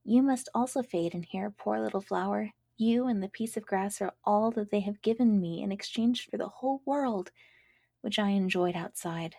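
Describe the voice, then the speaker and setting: A woman reading a storybook, voicing a thirsty, dying captive lark in a breathy, half-whispered lament. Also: mid-range voice, moderate pace, dark tone, no echo, studio quality. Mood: sorrowful.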